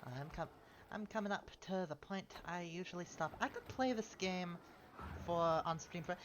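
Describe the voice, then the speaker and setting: A woman's voice: fairly low pitch, moderate pace, slight background noise. Chatty woman streamer with an accent. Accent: British Isles. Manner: chatty, reads event text aloud, sudden excited cries. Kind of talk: casual game stream chat. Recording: dull lo-fi stream audio with faint music.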